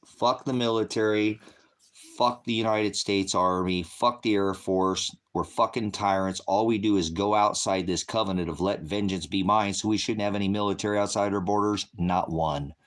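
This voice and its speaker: A middle-aged man with a lowish voice holds forth in an angry livestream rant. He swears constantly and bursts into heated outbursts as he addresses his viewers. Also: normal speed. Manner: angry, profane, shouting outbursts. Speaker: livestream host. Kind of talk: ranting livestream monologue.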